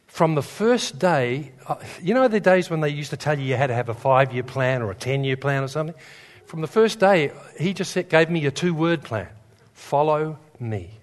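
Preacher in a reverberant hall. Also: male voice, fairly high pitch, a little fast. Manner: storytelling, humorous, builds to fervent emphasis. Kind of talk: sermon. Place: church. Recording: long reverb in a large hall.

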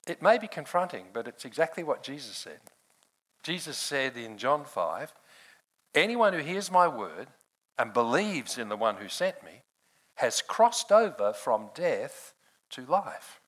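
A man's voice: mid-range voice, very animated, unhurried, a bit bright, low-quality recording. An older man preaching a sermon in a conversational way, laughing often and calling on people in the room by name.

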